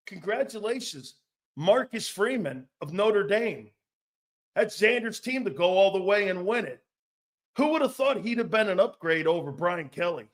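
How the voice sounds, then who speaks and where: A man hosting a sports talk show, rambling and joking with frequent laughs, blunt and a bit profane. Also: high voice.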